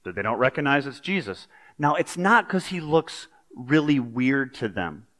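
Animated preacher in a reverberant hall. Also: male voice, medium pitch, moderate pace. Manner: conversational, animated storytelling with pop culture asides. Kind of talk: sermon.

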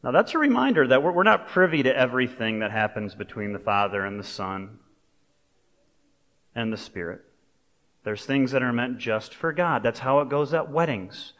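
A man's voice: mid-range voice, expressive, moderate pace, fairly bright tone. Conversational male pastor in a reverberant hall. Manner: conversational, storytelling, with asides. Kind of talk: sermon. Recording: long reverb of a large hall.

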